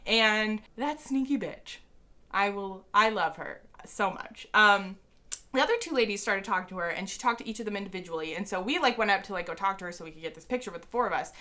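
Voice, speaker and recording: A woman in her twenties telling a story to camera in a gushing, excitable way, with a lot of "like". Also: mid-range voice, a little fast. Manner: excitable, gushing, heavy use of "like". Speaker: vlogger. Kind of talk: casual storytelling.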